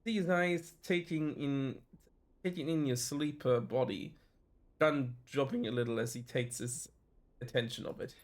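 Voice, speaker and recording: A man's voice: medium pitch, fairly even intonation, moderate pace. Man reading a game aloud. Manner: frequent self-corrections and restarts while reading. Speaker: streamer.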